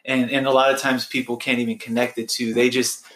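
A man talking as a podcast guest, reflective and halting, with many restarts. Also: medium pitch, flat delivery, a bit bright, roomy sound. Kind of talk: casual conversation.

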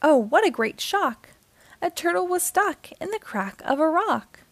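A woman with a high voice reads a rhyming children's picture book aloud in a gentle, lilting rhythm. The sound is close and dry, with no room echo. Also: very animated, measured pace.

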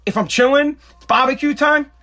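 A man's voice: very high-pitched, normal speed, pushed and bright. A man in his thirties hosting a podcast, ranting casually with plenty of swearing and repetition. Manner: ranting, profane, repeats himself. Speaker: podcast host. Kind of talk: casual rant.

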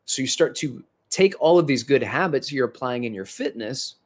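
A man's voice: mid-range voice, expressive, normal speed. Man teaching personal trainers, earnest tone. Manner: earnest, encouraging, with occasional self-corrections. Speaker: fitness educator and personal trainer. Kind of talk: conversational instructional lecture.

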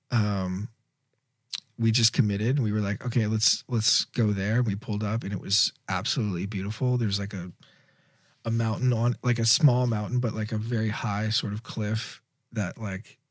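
A man's voice: on the low side, dry recording. A man, a film director, casually telling a long anecdote in an interview, rambling with lots of fillers. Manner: rambling, filler-heavy, animated storyteller.

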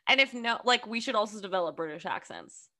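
A young woman co-hosting a podcast, chatty and quick to laugh, with lots of fillers. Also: mid-range voice, lively intonation, sharp tone. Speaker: podcast co-host. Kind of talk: casual chat.

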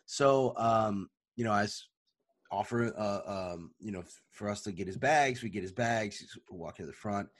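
Husky-voiced man telling a rambling story. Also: on the low side, normal speed, dry recording. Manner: rambling, animated, many fillers. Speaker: podcast co-host. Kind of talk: casual chat, storytelling.

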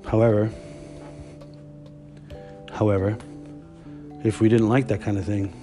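Man, podcast host, casual storytelling, profane, offhand, lowish voice, soft dark tone. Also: flat delivery, unhurried, soft background music.

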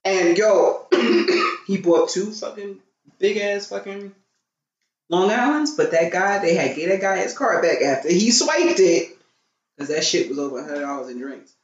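Speaking at a measured pace in a lowish voice, a woman co-hosting a podcast tells a profane, animated story, performing the quoted dialogue. The sound is roomy and a bit dull.

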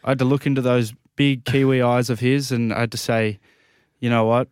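A man co-hosting sports radio, deadpan and mock-serious. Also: medium pitch, a little fast, smooth, no echo, clean studio sound. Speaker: radio co-host. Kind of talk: deadpan banter.

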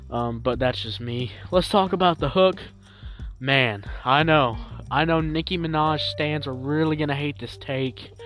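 A man hosting a solo music review podcast, talking casually and rambling with lots of fillers and repeats, getting loud and animated at times. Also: on the high side. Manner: animated, jumps up loud when promoting.

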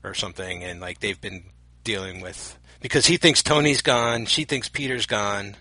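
A man's voice: fairly low pitch, normal speed, bright, forceful tone, no echo, low-quality recording. A man co-hosting a podcast in casual chat, rambling and restarting as he speculates eagerly. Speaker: podcast co-host.

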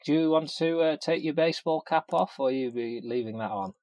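A man's voice: fairly high pitch, brisk, a little mellow, dry recording. A man co-hosting a comedy podcast, dry and teasing toward his co-host. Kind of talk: casual podcast chat.

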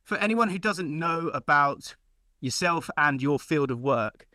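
A man's voice: on the high side, expressive, unhurried, bright, forceful tone, no echo, studio quality. A man hosting a podcast in a chatty, upbeat way, out of breath from running up and down stairs. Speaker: podcast host. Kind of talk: casual chat.

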